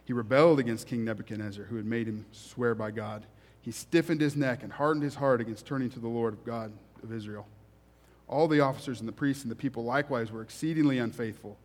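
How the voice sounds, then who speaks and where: A man delivers a sermon, reading passages of scripture and then talking them through in a relaxed, everyday way. He drives points home by repeating phrases. His mid-range voice carries a long reverb, as in a large hall. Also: mid-range voice. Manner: reads scripture then explains it conversationally, with emphatic repetition. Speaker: preacher.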